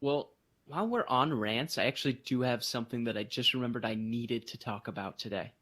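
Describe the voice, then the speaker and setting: A man co-hosting a podcast, telling a story in casual chat and jumping into high voices for emphasis. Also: fairly quick. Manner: animated storytelling, voices others in bursts of high pitch. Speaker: podcast co-host.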